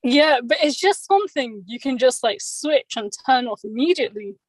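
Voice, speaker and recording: Woman, chatty guest, light higher voice, dry close sound. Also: lively intonation, moderate pace, no room sound, poor audio. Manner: chatty, laughs often, many fillers. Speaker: podcast guest. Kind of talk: casual chat.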